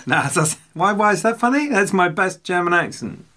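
A man's voice: high-pitched, very animated, moderate pace, bright, forceful tone. Guy rambling on a podcast, bouncy sing-song delivery, cracking jokes at himself. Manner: jokey, rambling, self-mocking anecdotes. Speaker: podcast co-host. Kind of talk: casual podcast chat.

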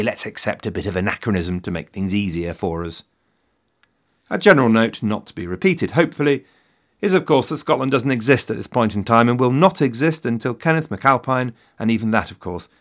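Wry English man hosting a history podcast. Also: fairly low pitch. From England. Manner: wry, self-mocking, theatrical asides. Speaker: podcast host. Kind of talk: solo history podcast narration. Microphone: studio mic in a shed.

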